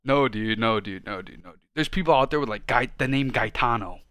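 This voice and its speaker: A man's voice: medium pitch, a little fast, dry recording, clean studio sound. Profane ranting podcast man. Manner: profane, ranting, gets loud and worked up. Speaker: podcast co-host. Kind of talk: casual chat.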